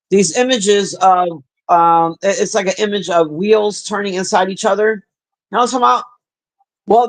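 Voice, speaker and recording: A man livestreaming, chatting casually and crudely with his viewers in a rambling way. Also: high-pitched. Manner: profane, chatty, talks to the chat. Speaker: livestream host.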